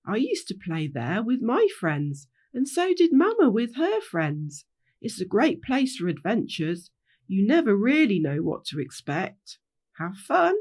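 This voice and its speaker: A gentle old grandmother hedgehog speaks fondly, as a woman reading the story puts her on. Her voice moves lively up and down. It is a kindly storybook voice. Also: medium pitch, a little slow, heavily acted. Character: older female hedgehog grandmother, fond and gentle.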